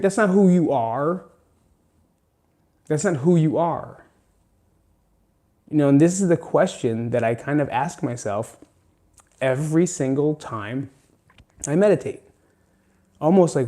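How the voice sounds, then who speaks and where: A man's voice: medium pitch, expressive, normal speed, pauses often, a little mellow. A man hosting a casual motivational monologue, rambling and candid, swearing freely and drifting into side remarks. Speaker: host.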